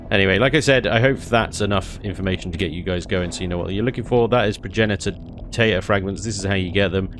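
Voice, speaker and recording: A man's voice: on the low side, a little fast, faint music behind. A man chatting casually while playing a space game, rambling and laughing often. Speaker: game streamer. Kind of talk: casual gameplay commentary.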